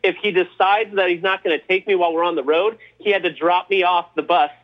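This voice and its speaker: A man's voice: sits high, fast talker, lo-fi sound. A man telling stories from his playing days in casual talk, acting out quotes as he goes. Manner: animated, acts out quotes. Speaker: guest. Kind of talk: casual storytelling.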